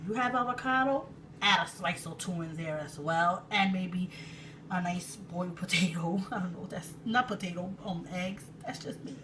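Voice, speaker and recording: A woman from Puerto Rico in her thirties, an excitable, chatty cooking-channel host with sudden loud exclamations and laughter, talking casually in her home kitchen. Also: fairly low pitch, moderate pace. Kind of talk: casual cooking vlog chat. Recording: distant mic with room noise.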